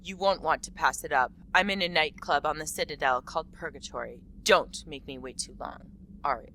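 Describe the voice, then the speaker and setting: A woman playfully voices a seductive alien crime boss from a space game. The voice sits low with a bright edge and a commanding, slow purr. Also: a little hiss or hum, rough recording. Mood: sultry.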